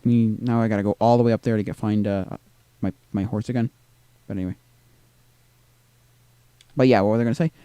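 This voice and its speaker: A man's voice: on the low side, steady tone, fast talker, pauses often, dark tone, smooth, dry recording. A man streaming a video game live, rambling to himself with tag questions and drifting into exasperated rants. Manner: exasperated ranting. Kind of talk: live gameplay commentary.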